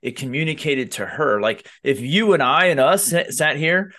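A man's voice: a little high, normal speed. A man hosting a casual podcast conversation. He talks loosely and animatedly, full of fillers and restarts, and slips into little acted-out quotes as he tells his stories. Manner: animated storytelling, acts out quotes with lots of fillers. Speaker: podcast host.

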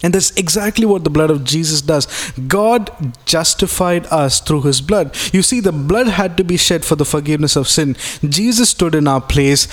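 A man's voice: fairly high pitch, moderate pace. A man preaching a sermon as a pastor, earnest and repeating key phrases, reading scripture aloud and explaining it plainly.

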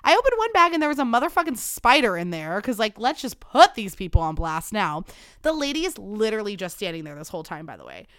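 A young woman hosting a podcast, telling a story in a dramatic, animated way and swearing freely. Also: medium pitch, fast talker, smooth, no room sound, studio quality. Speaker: podcast host. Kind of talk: casual storytelling chat.

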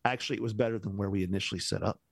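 Low-voiced pastor telling a story. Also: male voice, very fast, a crowd in the background. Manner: animated storyteller who acts out the dialogue; casual, uses "man" often, restarts sentences. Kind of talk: storytelling in a podcast conversation.

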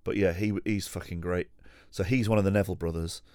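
A man with a deep, low-pitched voice tells a long story in a loose, rambling way, swearing freely, cutting himself off to restart, and making fun of himself. The recording is dry and close, with no room sound. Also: fairly even intonation, fast, dark tone, dry recording. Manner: rambling, sweary, self-deprecating, with frequent restarts and laughs. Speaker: podcast host. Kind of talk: casual storytelling monologue. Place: at home.

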